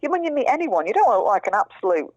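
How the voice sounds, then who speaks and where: A woman talks frankly and chattily in a relaxed interview, swearing now and then. Her voice is mid-pitched. The recording sounds dull, lo-fi and dry. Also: fast talker, no echo. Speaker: guest, prisoner's fiancée. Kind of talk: casual storytelling interview.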